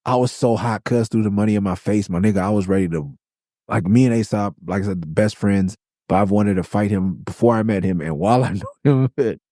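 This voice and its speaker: A man's voice: on the low side, fairly quick, dry recording, studio quality. A man hosting a podcast, telling tour stories casually with lots of swearing and acted-out quotes. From Los Angeles. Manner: animated, swearing, acts out quotes with raised voice. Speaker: podcast host. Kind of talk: casual storytelling.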